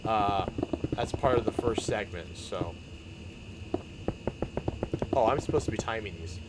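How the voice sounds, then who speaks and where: A young man chatting casually on his stream, rambling and excitable, often laughing and restarting his sentences. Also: lowish voice, a little slow, heavy background noise. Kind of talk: casual chat while building in a game stream.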